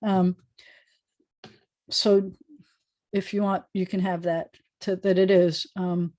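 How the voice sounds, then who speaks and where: A woman rabbi teaching a Hebrew class over a video call, explaining patiently and repeating words slowly. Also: mid-range voice, level tone, a little mellow. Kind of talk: online class lecture.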